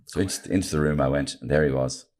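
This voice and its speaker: Deep-voiced Irish comedian telling stories. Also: male voice, quick pace. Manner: animated anecdotes, slips into voices. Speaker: guest comedian. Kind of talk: casual podcast storytelling.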